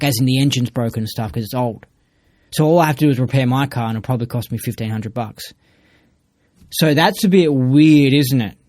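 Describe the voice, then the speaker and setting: A man's voice: medium pitch, no room sound. A man in a casual podcast monologue, ranting emphatically and swearing freely. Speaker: podcast speaker.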